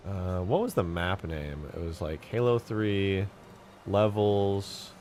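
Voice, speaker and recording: Low-voiced man, relaxed streamer chatter. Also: takes it slowly, a little hiss or hum. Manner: relaxed and rambling, thinking aloud. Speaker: streamer and game modder. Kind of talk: casual livestream commentary. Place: at home. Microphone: desk microphone.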